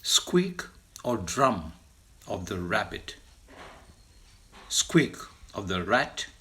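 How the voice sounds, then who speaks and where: A man teaching vocabulary, slowly and deliberately listing words for animal sounds, lifting his voice on the sound words. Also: lively intonation, sharp tone. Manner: slow, deliberate listing, lifts pitch to mimic sounds. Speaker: language teacher. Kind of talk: slow vocabulary lesson.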